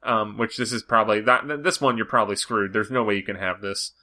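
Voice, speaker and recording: A man with a fairly low but bright, forceful voice hosts a podcast in relaxed chat. He rambles from one thought to the next, leaning on "like" as filler. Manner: rambling, fast, full of "like" fillers. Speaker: podcast host. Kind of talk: casual chat.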